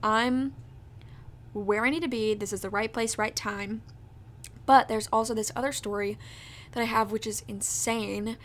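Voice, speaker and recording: A woman's voice: fairly high pitch, steady tone, a little slow, pauses often. A young adult woman hosting a podcast, telling a personal story in a chatty, casual way, full of fillers. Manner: chatty, leans on fillers like "like" and "that type of deal". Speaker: podcast host.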